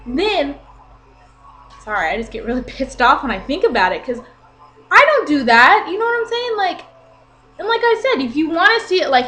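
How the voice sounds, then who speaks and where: A woman in her twenties telling an exasperated story in a casual vlog rant, animated and talking with her hands. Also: high voice, moderate pace, long pauses. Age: 20s. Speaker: vlogger.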